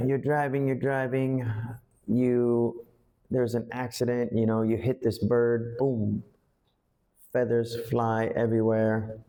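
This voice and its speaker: A man, an English teacher, coaching a student through lines for a school play with slow, patient explanations. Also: medium pitch, dark tone.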